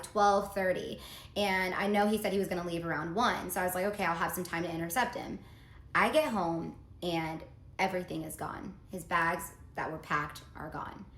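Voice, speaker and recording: A woman's voice: fairly low pitch, a bit bright. Lady doing a storytime vid, earnest and confiding, echoey room with faint noise behind. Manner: earnest, reads out text messages, confiding. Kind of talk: casual storytime monologue. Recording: roomy echo, faint background noise.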